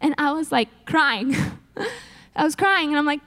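High-voiced woman giving an animated sermon. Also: measured pace. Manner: animated, acts out prayers and quotes with laughs. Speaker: women's ministry speaker.

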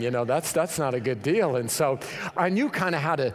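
A man's voice: mid-range voice, animated, a little fast. A man from Colorado preaching a sermon, mixing casual storytelling with emphatic preaching. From Colorado, USA. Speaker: pastor. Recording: long hall reverb.

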